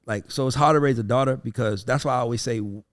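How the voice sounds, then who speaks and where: A man hosting a casual podcast chat, telling animated, profane stories and acting out his kids' voices. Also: medium pitch, quick pace. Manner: profane, emphatic. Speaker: podcast host.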